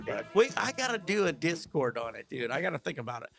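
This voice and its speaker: A man hosting a casual livestream, with laid-back, rambling chat and quick laughs. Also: a little high, big pitch swings, vocal fry, fairly bright tone, soft background music. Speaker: livestream host.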